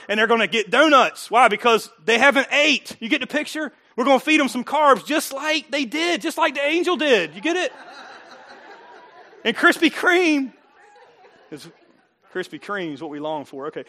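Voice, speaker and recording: Fast, bright-voiced preaching pastor. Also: male voice, very high-pitched. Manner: animated, conversational preaching with rhetorical questions and acted-out quotes. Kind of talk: sermon. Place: church.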